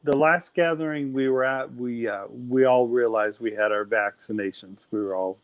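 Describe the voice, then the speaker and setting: A man's voice: medium pitch, normal speed, smooth, dry recording, low-quality recording. Man, livestream co-host, teasing folksy chat, dry close sound. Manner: playful teasing, folksy drawl.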